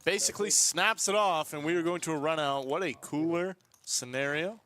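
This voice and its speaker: A man giving live play-by-play commentary on a poker game, brisk and upbeat with a dramatic edge. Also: a little high, a bit bright.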